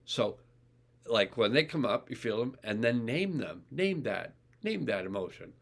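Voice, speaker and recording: A man's voice: medium pitch, animated, unhurried, gravelly. A man, a life coach, talking casually to camera about emotions, rambling with restarts and acting out inner voices. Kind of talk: casual self-help video talk.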